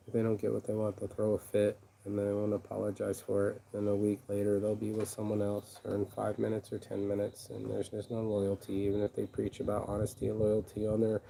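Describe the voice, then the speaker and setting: A man's voice: lowish voice, vocal fry, warm tone, slight background noise, poor audio. A man delivering a rambling, aggrieved vlog monologue, swearing freely and circling back on his own words. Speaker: vlogger and shirt designer. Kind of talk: casual venting monologue.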